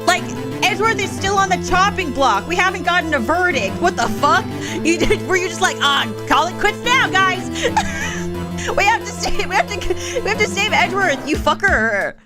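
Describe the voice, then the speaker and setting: A woman's voice: very high voice, sing-song, normal speed. A woman streaming a courtroom game, giddy and profane, laughing often and reading game lines aloud. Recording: game music playing behind.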